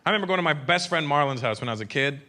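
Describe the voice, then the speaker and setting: A Canadian man performing stand-up on stage, animated and mocking, dropping quickly into impressions. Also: fairly high pitch. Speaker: stand-up comedian. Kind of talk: stand-up comedy set. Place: comedy stage before live audience. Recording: live club with crowd noise. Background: audience murmur and laughter.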